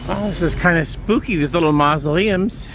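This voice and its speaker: A man's voice: a little high, moderate pace. A man vlogging outdoors in a windy churchyard, chatty and exclaiming, cold and tired. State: shivering cold. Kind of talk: casual vlog narration.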